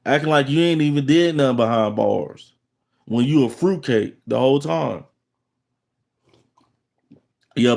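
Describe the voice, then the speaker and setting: A man's voice: mid-range voice, gravelly, darkish tone. A middle-aged man with an African American Vernacular English accent, hosting his channel and ranting at viewers in a boastful, threatening, repetitive monologue. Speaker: channel host.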